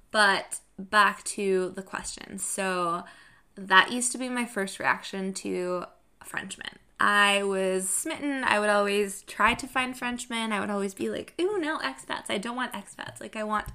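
A young woman from Mexico hosting a podcast, talking in a chatty, animated, self-deprecating way. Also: medium pitch, smooth. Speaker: podcast host. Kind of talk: casual monologue.

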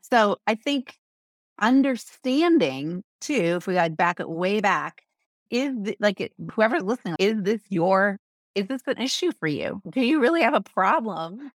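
A woman business coach talking as a podcast guest, animated, acting out quick voices and often asking "right?". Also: medium pitch, dry recording, clean studio sound. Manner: animated, acts out voices, asks rhetorical "right?". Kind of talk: podcast interview.

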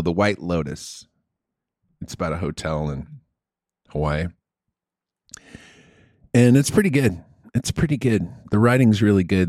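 A man's voice: rumbling low, creaky, darkish tone, no echo, clean studio sound. A man hosting a casual comedy podcast, rambling and profane, restarting his sentences.

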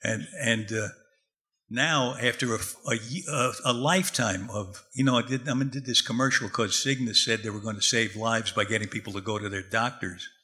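An older man, a veteran actor, chatting as a guest in a wry, halting way. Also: medium pitch, steady tone, pushed and bright. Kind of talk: casual chat.

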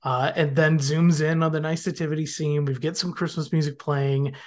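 A man on a podcast, retelling the plot in a casual, animated way and often slipping into characters' lines. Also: fairly high pitch, normal speed. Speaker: podcast guest. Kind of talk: casual podcast episode recap.

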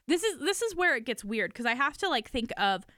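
Brief: woman, high-ish voice, lively storyteller, dry close mic, casual podcast chat. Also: moderate pace, dry recording. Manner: animated storytelling, acts out quotes, swears, laughs often. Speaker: podcast co-host telling a story.

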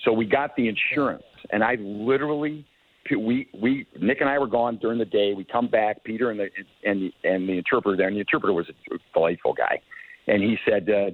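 A man's voice: fairly low pitch, fairly quick, dry recording. An older man, a hockey executive, telling long rambling anecdotes as an interview guest, with many restarts and chuckles. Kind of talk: casual storytelling. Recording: tinny phone line, dry.

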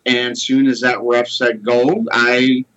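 A man's voice: mid-range voice, little pitch movement, slow, a bit bright, muffled recording. A man in his forties earnestly telling a personal story in a casual conversation. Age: 40s. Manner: earnest, heartfelt.

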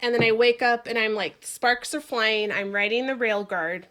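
Animated, swearing woman telling a story. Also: fairly high pitch, moderate pace. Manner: animated and profane, mimics voices. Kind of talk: casual podcast chat.

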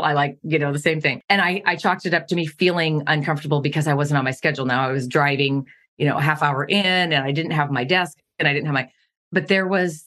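A middle-aged woman from Montana speaks with a low voice, recounting her past in a candid, earnest way. She laughs at the absurdity of painful memories while telling them as a podcast guest. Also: fairly bright tone. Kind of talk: candid personal storytelling.

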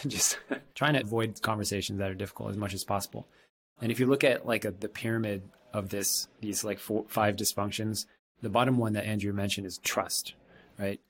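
A man co-hosting a casual chat, speaking in a thoughtful, measured way. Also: fairly low pitch, fairly bright tone, breathy edge.

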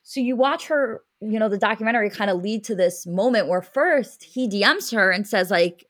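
Bright-voiced young woman chatting emotionally. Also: mid-range voice, normal speed. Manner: emotional, rambling storytelling with many fillers. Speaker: podcast co-host. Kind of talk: casual chat.

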